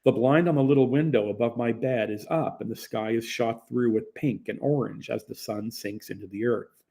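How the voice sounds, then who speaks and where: A young man narrates a first-person audiobook in a plain, conversational way. His voice is gravelly and dark, with a mellow, relaxed tone. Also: mid-range voice, moderate pace.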